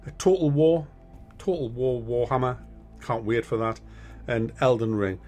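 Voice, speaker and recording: A man's voice: mid-range voice, normal speed, a little mellow, faint music behind. A middle-aged man talks straight to his viewers on his gaming channel. He is chatty and frank, often trips over and restarts his sentences, and swears now and then. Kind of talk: casual monthly update to viewers.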